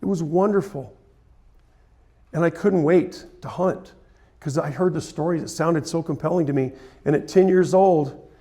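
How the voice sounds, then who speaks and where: A man's voice: fairly high pitch, dark tone. Man telling an earnest, emotional story. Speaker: photographer giving a talk. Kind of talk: storytelling presentation. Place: conference hall.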